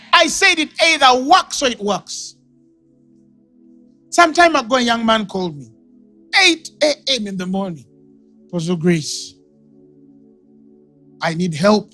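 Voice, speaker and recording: A man with a Ugandan English accent preaching a sermon, shouting and laughing as he acts out conversations with callers. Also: high voice, lively intonation, moderate pace, pauses often, faint music behind. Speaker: pastor.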